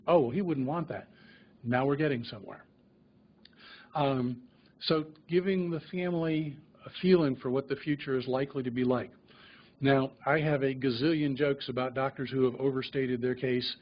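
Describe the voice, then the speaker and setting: A man's voice: medium pitch, fairly even intonation, moderate pace, highs cut off. A man, a physician, giving a grand rounds lecture and telling stories that act out talks with patients and families. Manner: conversational storytelling, acts out patient dialogues.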